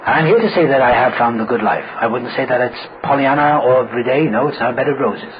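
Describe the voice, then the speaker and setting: A man's voice: mid-range voice, quick pace. Man, wry storyteller at a recovery meeting, acts out voices; muffled, hissy recording. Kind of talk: humorous personal story told to an audience. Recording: muffled recording with loud background noise.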